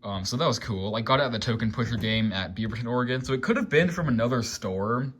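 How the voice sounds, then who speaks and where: A man's voice: medium pitch, fast talker, fairly bright tone. A man from the United States with a nasal voice, chatting casually in a rambling vlog with many ums and likes. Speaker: collector vlogger. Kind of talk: casual show-and-tell vlog.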